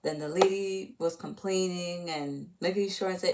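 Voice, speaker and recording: A woman's voice: lowish voice, steady tone, measured pace, few pauses, darkish tone. A woman retelling a movie in a casual, rambling way, full of fillers and restarts. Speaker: channel host.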